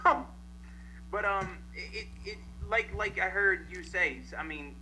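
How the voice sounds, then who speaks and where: Tired, hesitant man with a bright voice. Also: high-pitched, a little slow, a little hiss or hum, poor audio. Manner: hesitant, filler-heavy. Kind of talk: casual chat.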